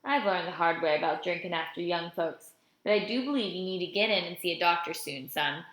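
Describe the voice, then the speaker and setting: A woman's voice: on the low side, a little fast, a bit bright, lightly acted. A woman reading the part of a joking, fatherly older man who drives a car, in a storybook reading. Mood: teasing. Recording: roomy echo.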